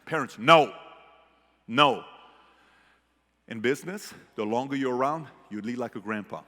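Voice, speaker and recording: A man from the Middle East giving a motivational keynote speech to a live audience, telling stories animatedly and swinging from hushed to loud. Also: a little high, normal speed, long pauses. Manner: animated storyteller, shifts from hushed to shouting. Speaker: keynote speaker. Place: large hall with audience. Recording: long hall reverb.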